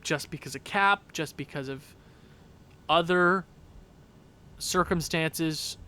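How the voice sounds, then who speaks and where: A young man commentating a hockey video game with a worn-out voice, yelling and repeating himself at big plays. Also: a little high, takes it slowly, smooth. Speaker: gaming YouTuber. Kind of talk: excited play-by-play over a hockey video game.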